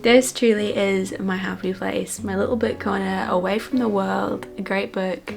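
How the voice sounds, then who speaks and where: A young woman chatting casually in a home vlog, enthusiastic and sometimes dropping to a soft hush. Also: medium pitch, steady tone, measured pace, creaky, faint music behind. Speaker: vlogger. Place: cosy home reading corner.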